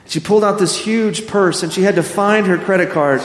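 Pastor sermon, a man with a fairly high voice, storytelling, echoing church hall. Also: brisk, slight background noise. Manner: storytelling, animated quoting of himself. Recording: echoey hall.

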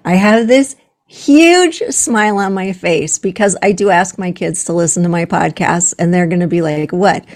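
A woman's voice: fairly low pitch, normal speed. A woman hosting a podcast, talking with an enthusiastic, encouraging manner. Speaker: podcast host. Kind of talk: podcast interview.

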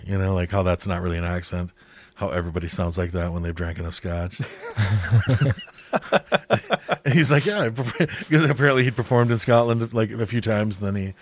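A man's voice: lowish voice, moderate pace, long pauses. A man chatting casually on a podcast, rambling with lots of fillers and restarts and casual swearing. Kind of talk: casual chat.

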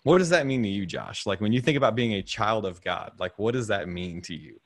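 A man's voice: fairly low pitch, animated, a little fast, no echo. A man in his thirties, a host on a video call, talking about faith and fatherhood in a rambling way, repeating words and chuckling often. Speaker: podcast host. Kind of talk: casual faith talk over a video call.

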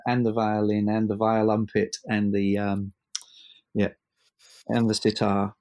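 A man chatting casually as a musician guest in an interview, starting and restarting sentences as he tells animated stories. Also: fairly low pitch. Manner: halting, many restarts, animated storyteller.

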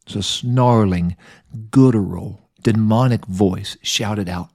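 A man's voice: on the low side, slow, creaky, a little mellow, dry recording, clean studio sound. A man telling a Bible story as a lesson podcast host, with folksy, playful asides.

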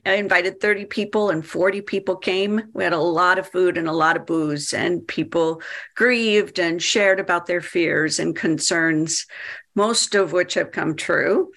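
A woman's voice: lowish voice, a bit bright. A woman in her fifties, an activist and founder, giving a workshop presentation in a chatty, hesitant way with many fillers.

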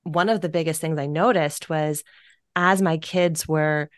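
A woman's voice: low voice, steady tone, unhurried, dry recording, studio quality. A woman co-hosting a podcast, chatting casually and often saying "like". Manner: chatty, filler "like", openly warm toward guest. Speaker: podcast co-host, career coach.

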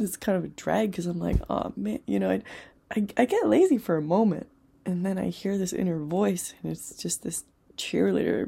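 Husky, gravelly young woman giving pep talk. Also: medium pitch, normal speed. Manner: earnest, rambling, drops into soft whispers. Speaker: self-help podcast host. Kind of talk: casual motivational talk.

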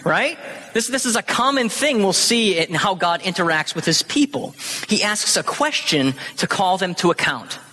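A man's voice: high-pitched, big pitch swings, moderate pace, sharp tone, slight background noise. A man in his thirties preaching a sermon, teaching with animation and acting out the quoted lines. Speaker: pastor. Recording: long hall reverb.

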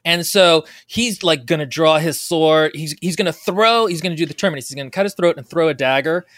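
A woman co-hosting a casual book podcast, retelling scenes in a relaxed, chatty way. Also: low-pitched, brisk, no room sound, clean studio sound. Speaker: podcast co-host.

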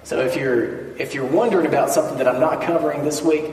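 A man's voice: fairly high pitch, quick pace, a little mellow. A man preaching a sermon, reading scripture aloud and breaking off for conversational asides. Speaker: pastor. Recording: echoey hall, mic at a distance.

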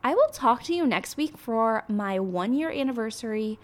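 A woman's voice: on the high side, expressive, moderate pace. Rambling, emotional young woman podcaster. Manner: rambling and emotional, full of "like" fillers. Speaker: podcast host. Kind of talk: casual solo podcast monologue.

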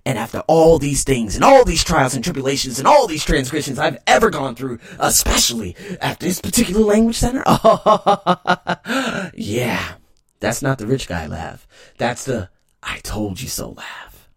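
A man rants on his own podcast, rambling and emphatic. His voice is husky with a gravelly edge, and his pitch leaps and drops all over the place. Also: very animated, normal speed. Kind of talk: solo podcast rant.

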